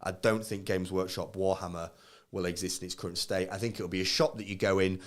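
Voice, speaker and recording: A man's voice: sits low, steady tone, brisk. A man in his thirties co-hosting a live podcast, chatting casually and acting out quoted voices as he tells stories. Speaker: podcast co-host.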